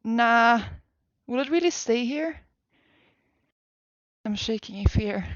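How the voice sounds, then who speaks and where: Woman, Swedish accent, young adult, streamer, fairly high voice, dull lo-fi audio. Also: animated, slow pace, long pauses, no room sound. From Sweden. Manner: chatty, self-deprecating, exclaims often. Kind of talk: casual live-stream chat. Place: home room at her desk.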